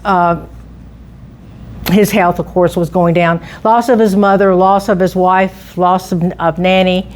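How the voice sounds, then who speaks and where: A woman's voice: on the low side, steady tone, measured pace, a little mellow. A middle-aged woman giving an informal public talk on local history, chatty and full of restarts and asides.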